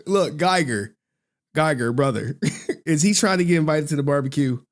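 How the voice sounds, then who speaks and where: A man's voice: fairly high pitch, normal speed. A man doing reaction commentary on a channel, mocking and laughing often as he talks. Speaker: YouTube commentator.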